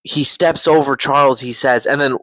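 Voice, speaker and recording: Excitable swearing man, dry sound. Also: mid-range voice, moderate pace, dry recording, rough recording. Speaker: podcast show reviewer. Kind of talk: casual excited review chat.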